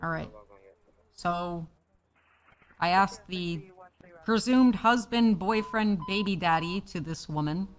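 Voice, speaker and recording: A woman's voice: fairly low pitch, measured pace, pauses often. A woman playing a police officer in an improvised role-play, playful and often laughing, with hesitant fillers. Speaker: player.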